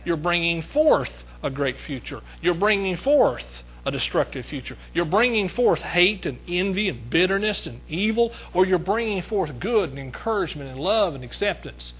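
A man's voice: sits high, big pitch swings, normal speed, few pauses, fairly bright tone, breathy edge, low-quality recording. A middle-aged man preaching a sermon, emphatic, repeating his phrases and calling out to the congregation.

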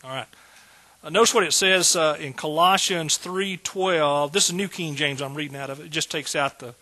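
A man's voice: a little high, moderate pace, bright, forceful tone. A man preaching a sermon as pastor, folksy and joking, building to emphatic bursts.

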